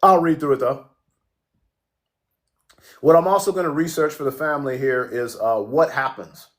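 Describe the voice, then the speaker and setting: A man's voice: a little high, moderate pace. A man hosting a casual livestream, joking, swearing freely and answering viewers' comments as they come in. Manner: profane, joking, reacts to chat. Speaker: livestream host.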